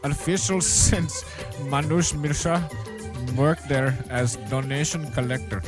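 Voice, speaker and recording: A man's voice: fairly high pitch, a little slow. A man hosting a casual podcast, reading news aloud and teasing his co-host in a blunt, profane way. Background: music.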